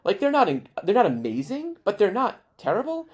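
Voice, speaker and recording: A man chatting as a guest on a podcast, telling stories in an animated way with lots of fillers. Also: high voice, a little fast. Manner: animated storyteller, frequent fillers. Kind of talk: casual chat.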